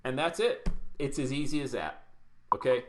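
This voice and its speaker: A man running a live online podcasting workshop, talking fast and chatty, greeting viewers by name as he shares his screen. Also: medium pitch, animated, a little hiss or hum. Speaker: podcast coach. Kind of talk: live webinar training.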